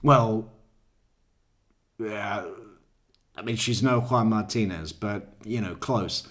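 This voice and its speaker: A man's voice: fairly low pitch, slow, a bit bright. A man giving casual, profane, rambling commentary on court footage, laughing at his own jokes. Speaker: true crime commentary host.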